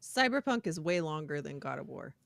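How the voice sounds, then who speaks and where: A woman's voice: sits low, big pitch swings, a little fast, creaky, fairly bright tone, no echo. A woman on a casual podcast, throwing in dry, brief quips.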